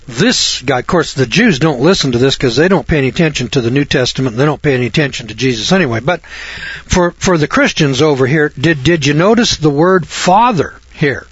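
A husky-voiced man talks through scripture in a rambling, folksy way, breaking off into chuckling asides and jokes about himself. The recording is dry and a bit dull. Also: a little high, dry recording. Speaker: Bible teacher.

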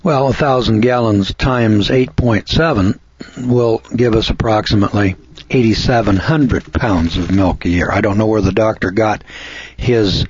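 A man's voice: fairly low pitch, unhurried, a little mellow, slightly rough, dry recording. A man from Missouri, a dairy farmer, talking in a folksy, emphatic monologue that repeats lists of words for stress. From Missouri, USA. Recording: dull lo-fi recording.

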